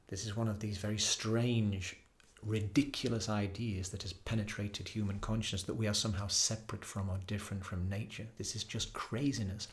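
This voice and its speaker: Guy with a lower voice hosting a yoga podcast, slow deliberate talk, lists stuff in rhythm. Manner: measured, emphatic, lists phrases in rhythmic series. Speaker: yoga teacher and podcast host. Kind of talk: reflective solo podcast talk.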